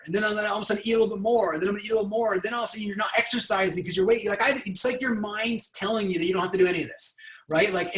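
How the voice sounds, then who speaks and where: Man, host, high voice, fast pace, roomy echo, energetic coaching. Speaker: podcast host. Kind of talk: motivational conversation.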